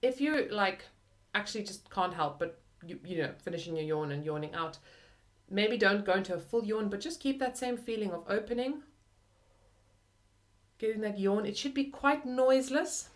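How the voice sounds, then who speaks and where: A woman's voice: mid-range voice, animated, moderate pace. A young adult woman teaching flute in a friendly, chatty way, often using "like" and "kind of". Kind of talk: video lesson.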